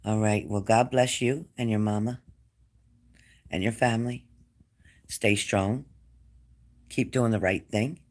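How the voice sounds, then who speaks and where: A man giving a spirit-medium reading to a client, gentle and coaxing, repeating his phrases. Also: on the low side, steady tone, takes it slowly, long pauses. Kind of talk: reassuring psychic reading to a client.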